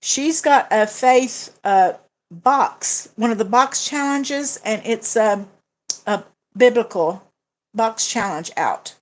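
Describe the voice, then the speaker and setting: A woman's voice: on the high side, lively intonation, slow. A woman hosting a budgeting livestream, chatting casually with viewers and answering their comments, with frequent fillers and restarts. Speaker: budgeting channel host.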